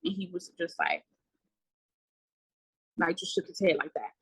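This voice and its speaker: A young woman speaks haltingly, stopping often on fillers as she recounts a painful story. Her voice sits low yet sounds bright and forward. The recording is dry and close. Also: sing-song, husky, dry recording, low-quality recording. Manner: halting, many fillers, quiet trailing words. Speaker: guest. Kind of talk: emotional personal account.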